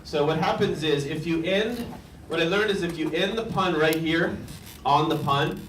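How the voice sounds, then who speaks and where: A man's voice: on the high side, normal speed, fairly bright tone, reverberant, far from the mic, slight background noise. A man, a guest author and cartoonist, chatting on stage and reading his own comic strips aloud, chuckling at his puns. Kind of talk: casual onstage talk and strip reading. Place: bookstore event room.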